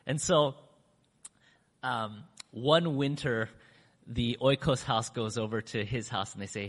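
A man speaking to a church audience, telling a story in a chatty, animated way and acting out what people said with big swings in his voice. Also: takes it slowly, long pauses, slightly rough. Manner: acts out quoted speech with big pitch swings; chatty, with fillers and restarts. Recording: long hall reverb.

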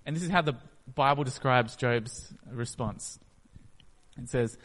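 A man's voice: mid-range voice, unhurried, fairly bright tone. A man preaching a sermon, retelling a story and acting out its scenes. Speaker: pastor. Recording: echoey hall.

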